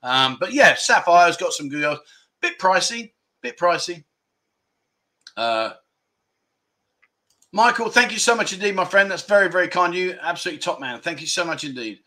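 A man's voice: sits high, lively intonation, a little fast, pushed and bright. A man from England hosting a casual livestream, chatting and reading out viewer comments in a rambling, self-deprecating way. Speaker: livestream host. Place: indoors at home.

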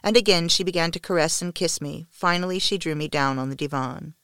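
An audiobook narrator reading a first-person novel in a measured, expressive way, dropping low at the ends of sentences. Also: clear, resonant tone, no room sound, studio quality.

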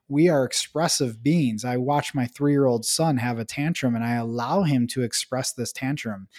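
A man's voice: mid-range voice, darkish tone. A man speaking as a podcast guest in casual conversation, earnest and reflective, with occasional swearing.

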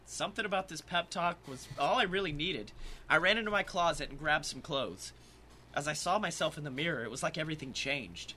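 A man reads comic fan fiction on his podcast in a theatrical, swaggering way. His voice is very bright and sits a little high. A faint hiss runs under the recording. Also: brisk. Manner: swaggering, theatrical narration with bursts of laughter. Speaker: podcast co-host.

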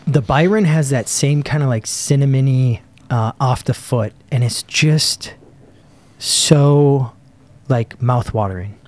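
A man talking in a relaxed, rambling way in a casual chat, full of fillers. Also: medium pitch, slow. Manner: laid-back, rambling with lots of fillers.

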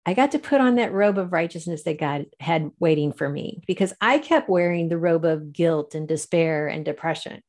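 Female interview guest, lower register; animated faith storyteller who laughs and acts out dialogue. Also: normal speed, hardly any pauses.

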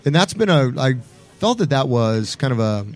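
A man hosting a casual podcast from a sports bar, tossing in teasing jokes and quick asides. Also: mid-range voice, sing-song, a little mellow, faint music behind. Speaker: podcast host.

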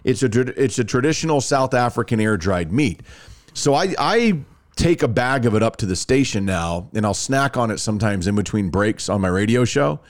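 A man hosting a sports radio show, talking football and reading ads in a lively storytelling way. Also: medium pitch, normal speed. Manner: animated storyteller, lively ad delivery. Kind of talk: sports talk and live ad reads.

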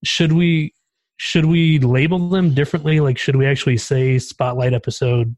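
Relaxed man from Texas. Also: medium pitch, moderate pace. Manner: relaxed, thoughtful, asks for advice. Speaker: guest podcaster. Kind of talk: casual chat.

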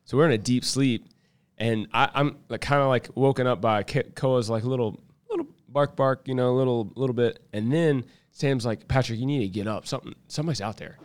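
A man's voice: mid-range voice, a little fast, clear, resonant tone. A man chatting casually who tells a story with animation and acts out his own lines. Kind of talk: casual chat.

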